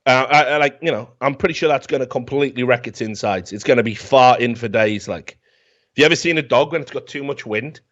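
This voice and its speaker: A man on a podcast, rambling through a profane, mocking comic rant about a film. His voice sits at an ordinary middle pitch, and the recording sounds dull and slightly lo-fi. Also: fairly quick, fairly bright tone. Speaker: podcast host.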